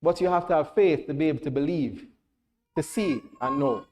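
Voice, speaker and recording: A Jamaican man preaching a sermon to a congregation in church, checking that everyone follows and rising to loud, emphatic declarations. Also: fairly high pitch, moderate pace.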